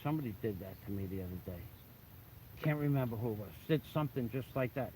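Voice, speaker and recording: A man telling a story from his past in a blunt, animated way, swearing constantly and often restarting his sentences. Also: mid-range voice, quick pace, a little hiss or hum, poor audio. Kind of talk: casual profane storytelling. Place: the Philippines.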